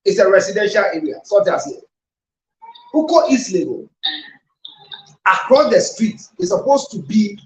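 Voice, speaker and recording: Counselor man in echoey room. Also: high-pitched. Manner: firm, explanatory, advising. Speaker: counselor and host. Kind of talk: advice talk show. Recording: echoey room with faint noise.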